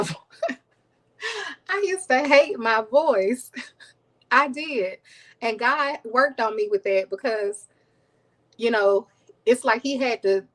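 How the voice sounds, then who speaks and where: A woman's voice: a little high, a bit bright, rough recording. A woman hosting a live stream, chatting casually with viewers, thanking them by name and laughing often, with a voice people call soothing. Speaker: cooking channel host.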